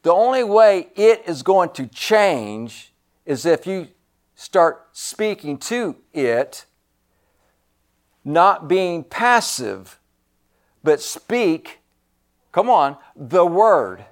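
A man preaching a sermon in a slightly raised voice. He talks slowly and pushes hard on key words. He repeats phrases for effect and drops from loud emphasis into hushed asides. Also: high voice, sing-song.

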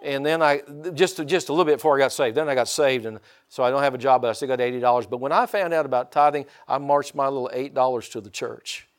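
A man's voice: medium pitch, fairly even intonation, quick pace, hardly any pauses. An older man from Indiana preaching a sermon in a folksy way, often calling out for amens. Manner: folksy, calls for amens from the congregation. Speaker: pastor.

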